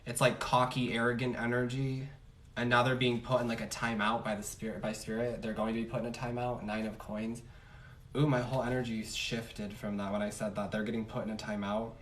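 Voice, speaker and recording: Captured by a distant phone mic on a livestream with slight background noise, a tarot reader talks fairly quickly in a mid-range, fairly bright voice with flat delivery. His casual reading is chatty and full of slang, and he jokes at his own asides.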